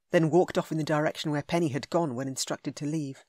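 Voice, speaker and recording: A woman narrating a romance audiobook in a smooth, measured, intimate way. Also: deep voice, fairly even intonation, a little mellow, no echo, clean studio sound. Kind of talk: scripted narration.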